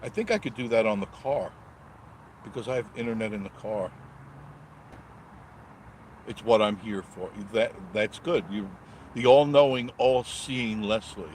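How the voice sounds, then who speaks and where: A man with a lowish, slightly mellow voice talks a little slowly with long pauses, over slight background noise. He's vlogging from his car on the road, reading viewers' live chat comments and chatting with them in a rambling, joking way.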